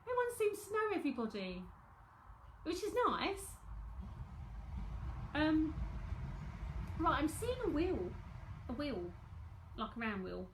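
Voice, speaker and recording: A woman's voice: high voice, sing-song, unhurried, long pauses, a little hiss or hum. A woman with a London accent giving a chatty live psychic tarot reading from home, repeating herself as she talks to viewers.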